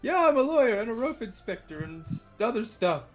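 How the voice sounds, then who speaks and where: Playful woman player, lively voice. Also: fairly high pitch, brisk, faint music behind. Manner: playful, laughing. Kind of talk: tabletop game chat.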